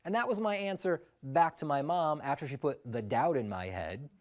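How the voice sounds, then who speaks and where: A man telling a personal story live, animated, often laughing and acting out the quotes. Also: a little high, moderate pace.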